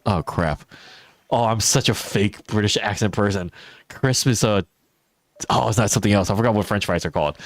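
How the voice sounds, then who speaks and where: A man from Connecticut with a Connecticut accent, chatting casually on a game stream, rambling and laughing often as he answers chat. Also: lowish voice. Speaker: gaming streamer.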